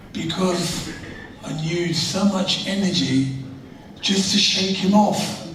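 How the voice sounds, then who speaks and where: Echoey, laughing man telling stories. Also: high voice. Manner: laughing, animated storyteller. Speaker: retired boxer. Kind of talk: casual storytelling conversation. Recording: echoey room, distant mic, background noise.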